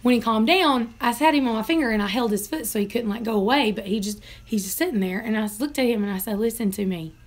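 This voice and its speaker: A woman's voice: fairly high pitch, fast, hardly any pauses. A young woman chatting casually in a home vlog, telling rambling stories and laughing often. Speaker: vlogger.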